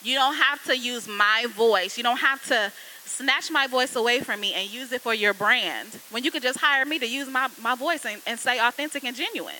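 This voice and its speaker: A woman speaking to a class of students as a guest copywriter, in a lively, casual, conversational way, turning often to address them directly. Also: on the high side, normal speed, slight background noise, low-quality recording.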